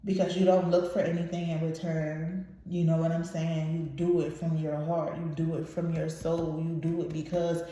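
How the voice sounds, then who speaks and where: A woman's voice: low-pitched, little pitch movement, moderate pace, hardly any pauses, dark tone. A woman giving a casual tarot reading to her viewers, emotional and blunt, swearing freely. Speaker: tarot reader. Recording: very echoey room.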